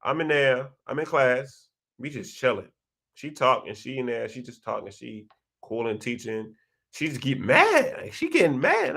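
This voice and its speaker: Animated young man chatting with viewers. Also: normal speed, breathy edge. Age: young adult. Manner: animated, slangy storytelling with big pitch jumps. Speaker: host of a live chat session. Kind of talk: casual livestream chat, reading viewer comments.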